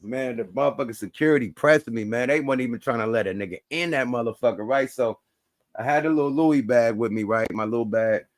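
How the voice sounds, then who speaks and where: A man telling a story in casual chat, animated and slangy, acting out both sides. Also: mid-range voice, a little fast, no echo, studio quality. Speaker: host.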